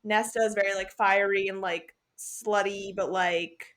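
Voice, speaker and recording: A young woman co-hosting a podcast speaks at a medium pitch and a measured pace while casually going over a book. She's animated, curses a lot, and plays out the characters' lines.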